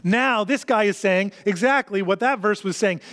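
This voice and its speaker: High-voiced man preaching in a reverberant hall. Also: fairly bright tone. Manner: earnest, repetitive preaching with slowed emphasis. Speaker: pastor. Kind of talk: sermon.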